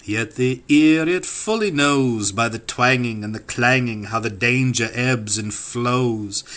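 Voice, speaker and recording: Slow, bright-voiced man reading poetry. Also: mid-range voice. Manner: rhythmic, incantatory delivery with sweeping rises and falls. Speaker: audiobook reader.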